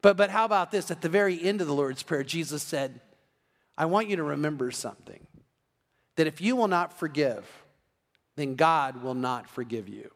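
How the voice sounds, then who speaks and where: High-voiced pastor preaching in a reverberant hall. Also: male voice, animated, normal speed. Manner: candid storytelling, acting out his own inner voice. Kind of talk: sermon. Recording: long reverb of a church hall.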